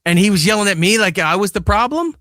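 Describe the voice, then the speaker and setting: Quick-paced and high-pitched, this man, a podcast host and father, retells a casual story thick with profanity while acting out the quotes. It's a dry recording with clean studio sound.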